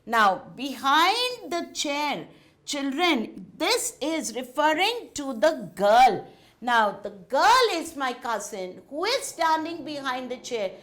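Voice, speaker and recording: A woman with an Indian English accent teaching a grammar lesson to children in a slow, sing-song teacherly way. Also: sits high, sing-song, a bit bright.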